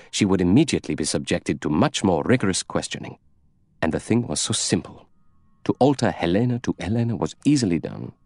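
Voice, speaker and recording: A man voicing a calm aristocratic count explaining himself. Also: low-pitched, no echo.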